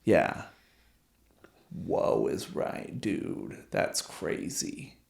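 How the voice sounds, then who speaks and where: A man's voice: low-pitched, sing-song, extremely slow, gravelly. A man hosting a podcast, telling stories in a casual, slangy way, swearing and saying "dude" a lot. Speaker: podcast host. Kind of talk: casual storytelling chat. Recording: roomy echo.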